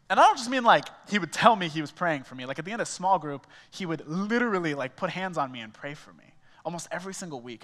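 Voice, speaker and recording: A man's voice: on the high side, fairly bright tone. A young man preaching a sermon as a small groups pastor, telling stories in a conversational, self-mocking way. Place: church auditorium. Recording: reverberant church hall.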